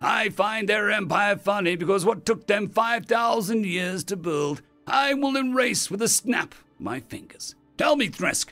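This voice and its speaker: A man playing a ruthless human fleet admiral who speaks with cold menace and raises his voice to shouting. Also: sits high, very animated, moderate pace, gravelly, soft background music, pitched above the performer's own voice, heavily acted. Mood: commanding.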